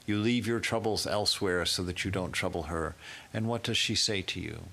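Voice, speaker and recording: A swami giving an emphatic sermon, building through rhetorical questions. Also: male voice, sits low, moderate pace, creaky, bright, forceful tone.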